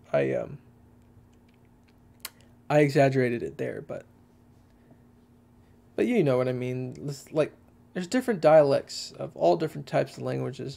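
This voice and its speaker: A man's voice: medium pitch, gravelly, warm tone. A young man from Texas with a Texan accent, rambling through casual livestream chat with lots of fillers and restarts. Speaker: livestream host.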